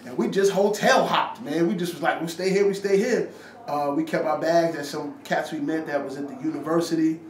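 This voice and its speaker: With a fairly high voice, fairly even intonation and a slightly fast delivery with few pauses, a man tells a story in casual slang, acting out quotes and swearing. He's a rapper speaking after an interview. The handheld-camera clip was shot in an echoey room from a distance, with faint noise around.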